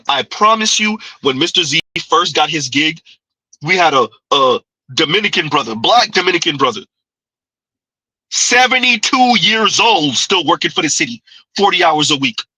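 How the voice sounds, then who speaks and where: Needling, animated male commentary host. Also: sits high, slightly rough, dry recording, low-quality recording. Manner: needling, rhetorical, keeps asking "huh?". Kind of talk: reaction commentary.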